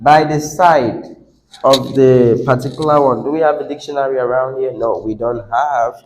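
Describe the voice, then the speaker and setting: A man's voice: mid-range voice, steady tone, moderate pace, a little hiss or hum. A man teaching an English class on word stress, asking students questions and repeating words with the stress moved around. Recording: echoey classroom.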